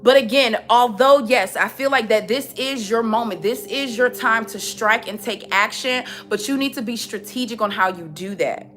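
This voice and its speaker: A woman's voice: fairly high pitch, normal speed, few pauses, a bit bright, soft background music. A young woman giving a spiritual reading in a frank, chatty way, often repeating herself when she gets going. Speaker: tarot reader. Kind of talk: spiritual reading, casual monologue.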